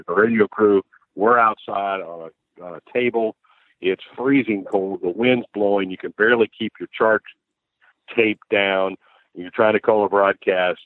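A man, a sportscaster from the American Midwest, telling stories in a casual interview with lively restarts and laughs. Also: lowish voice, no room sound. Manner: animated storyteller, frequent restarts and laughs. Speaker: sportscaster guest. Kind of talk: conversational interview storytelling. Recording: dry, phone-like narrow line.

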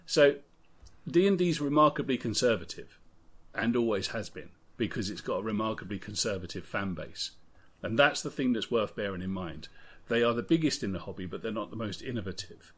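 A man's voice: fairly low pitch, animated, brisk. A man co-hosting a podcast, talking about tabletop games in a rambling, opinionated way. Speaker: podcast co-host. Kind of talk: casual podcast discussion.

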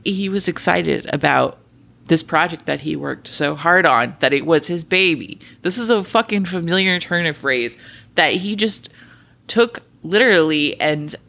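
A woman co-hosting a podcast in casual chat, excitable and sweary, often trailing off mid-thought. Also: low voice, unhurried, creaky. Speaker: podcast co-host.

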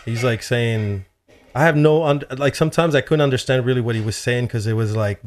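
A man's voice: medium pitch, fairly quick. Guy telling a travel story, super casual, lots of "like", swears a bit. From Chile. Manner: animated, swears casually, heavy use of "like".

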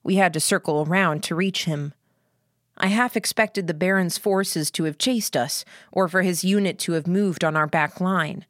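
A woman with a low voice narrates an audiobook from a script at a moderate pace. The recording is dry, with clean studio sound.

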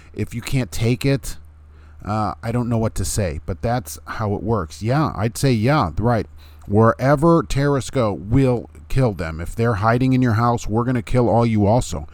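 A man's voice: mid-range voice, a little mellow, no echo. A middle-aged man, giving a blunt, emphatic opinion rant on his video channel. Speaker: YouTube commentator.

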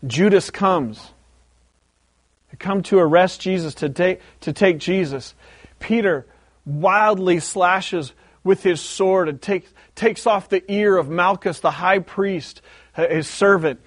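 A high-voiced male pastor delivers a sermon, retelling a story with lively animation. He circles back and repeats key words to drive each point home. The sound is close and dry, with no room around it. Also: slow pace, no echo.

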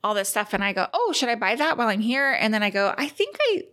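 A woman co-hosting a podcast, chatting casually with quick reactions and asides. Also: mid-range voice, animated, bright, forceful tone. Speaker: podcast co-host. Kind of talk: casual chat.

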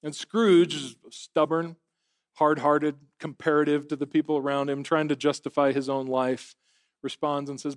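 A middle-aged male pastor preaches in a relaxed, conversational way, poking fun at himself and often starting a phrase twice. His voice sits a little higher than most men's. The sound is dry and close, with no echo of the church room. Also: moderate pace. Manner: conversational, self-deprecating, repeats words while thinking. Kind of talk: sermon. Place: church service.

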